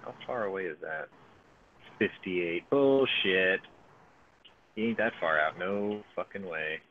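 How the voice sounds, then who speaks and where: A man's voice: sits low, slow pace, phone-quality sound, slight background noise. A man giving casual, profane live commentary on his own gameplay, thinking aloud as he plays. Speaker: gaming streamer.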